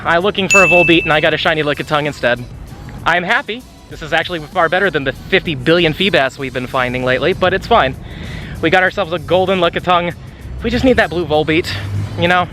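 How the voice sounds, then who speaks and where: A young man vlogging his mobile game hunt in a chatty, excitable way, talking straight to his viewers. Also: a little high, fast, faint music behind. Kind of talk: casual gameplay vlog.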